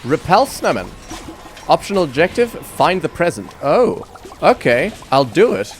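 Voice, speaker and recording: A man's voice: a little high, sing-song, a little slow, faint music behind. A man giving wry, self-mocking commentary over a video game. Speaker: gaming YouTuber. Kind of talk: casual gameplay commentary.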